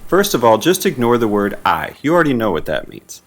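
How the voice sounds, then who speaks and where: A man teaching a beginner Spanish lesson in a friendly, patient way, slowing down for example phrases. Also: mid-range voice, wildly swooping pitch.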